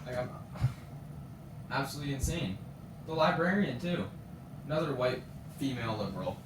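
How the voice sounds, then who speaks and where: A man's voice: medium pitch, animated, normal speed, background noise. A teenage boy, streaming a frustrated, swear-filled rant about his school. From Canada. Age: teens. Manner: frustrated, swears often, retells scenes with quoted voices. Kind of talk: ranting casual stream chat. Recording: roomy echo, distant from mic.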